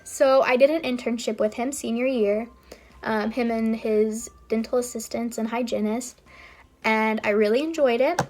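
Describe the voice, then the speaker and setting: A woman's voice: fairly high pitch, a little mellow. A young woman vlogging, telling a personal story in a casual, rambling way with frequent fillers. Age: young adult. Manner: chatty, rambling with frequent ums and likes.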